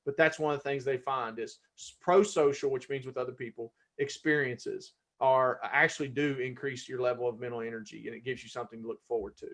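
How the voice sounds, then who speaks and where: A man's voice: medium pitch, steady tone, a little fast, hardly any pauses, a bit bright. A man presenting a live-streamed workshop in a conversational way, restarting words and now and then getting fired up. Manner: conversational, self-correcting, gets fired up.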